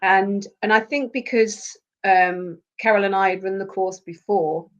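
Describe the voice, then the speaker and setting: A woman talking with heartfelt feeling as a podcast guest, often circling back over her words. Her voice sits in an ordinary middle pitch. The recording sounds a little dull. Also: fairly even intonation, a little slow. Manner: heartfelt, repeats herself when moved. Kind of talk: emotional interview conversation.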